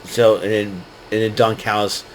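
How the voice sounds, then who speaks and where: A man's voice: lowish voice, flat delivery, moderate pace, a little hiss or hum, poor audio. A man casually recapping a wrestling show, rambling with lots of fillers and frequent laughs. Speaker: podcast host recapping wrestling.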